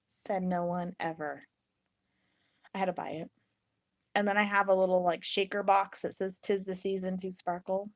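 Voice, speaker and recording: A woman's voice: mid-range voice, no echo, studio quality. Chatty young woman streaming her crafting. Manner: chatty and rambling, reads and answers chat; acts out her own reactions in quotes. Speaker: resin crafter live-streaming. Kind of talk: casual live-stream chat while crafting.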